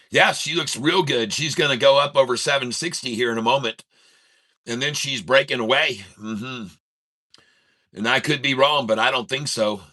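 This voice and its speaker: A man's voice: mid-range voice, measured pace, long pauses, bright, forceful tone. A man hosting a trading channel, telling a long joke in a rambling, casual way with many restarts before turning to market talk. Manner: rambling storyteller, laughs at own jokes. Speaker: day-trading channel host.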